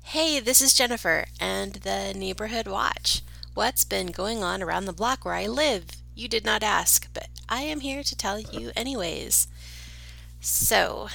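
A woman's voice: mid-range voice, vocal fry, sharp tone. A woman co-host telling wry neighborhood stories in a casual, comic way, often dropping to a whisper for her asides.

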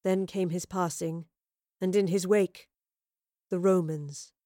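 A woman's voice: fairly low pitch, fairly even intonation, slow, warm tone, no room sound, studio quality. A woman reading aloud and voicing a proud, fierce warrior queen who speaks in a stern, declaiming way. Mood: solemn.

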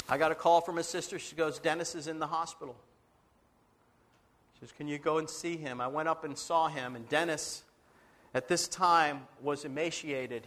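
Pastor, male, high voice, sermon storytelling, voices the people he quotes. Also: fairly bright tone. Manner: earnest, dramatic retelling with quoted dialogue.

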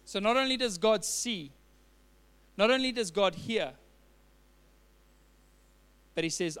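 A man's voice: high-pitched, animated, slow, long pauses, a bit bright, clear, resonant tone. A man preaching a sermon as a pastor, telling a personal story with earnest fillers and restarts.

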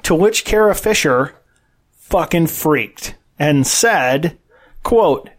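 A man talks through the news on a podcast, blunt and opinionated, cursing as he goes. His voice sits a little above the usual pitch for a man. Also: very animated, takes it slowly. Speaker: podcast co-host. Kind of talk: casual political podcast chat.

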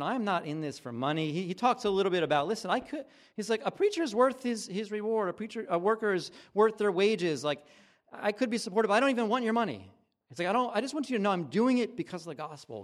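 A middle-aged man preaching a sermon in a conversational way, acting out both sides of the exchanges he retells. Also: high voice. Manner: conversational and animated, acting out dialogue. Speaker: pastor.

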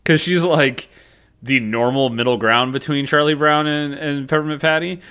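A man co-hosting a casual podcast chat, slangy and animated, often acting out characters' lines. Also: a little high, normal speed, clean tone. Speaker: podcast co-host.

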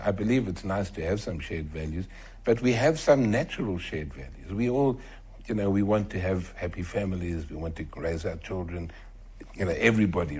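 An older man, talking earnestly as an interview guest and getting animated when he quotes others. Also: low-pitched, breathy edge. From South Africa. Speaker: author and entrepreneur guest. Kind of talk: conversational interview.

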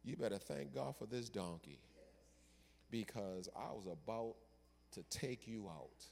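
A preacher voices a stern male angel giving a low, quiet warning. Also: expressive, measured pace, gravelly, long reverb tail.

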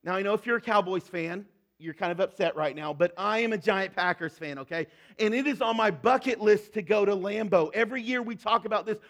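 A middle-aged man preaches a sermon with a fairly high voice. He talks earnestly and conversationally, sometimes dropping to a soft, hushed tone for emphasis. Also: fairly quick. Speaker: pastor.

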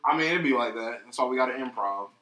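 A young man chatting casually and profanely on a podcast, rambling and animated. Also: mid-range voice, quick pace, slight background noise. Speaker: podcast co-host. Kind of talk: casual chat. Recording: echoey room.

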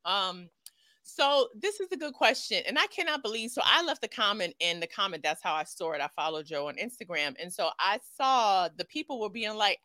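A woman's voice: medium pitch, lively intonation, a little fast, bright, forceful tone, no room sound. A woman co-hosting a casual chat show, talking in an emphatic, incredulous way. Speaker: podcast co-host.

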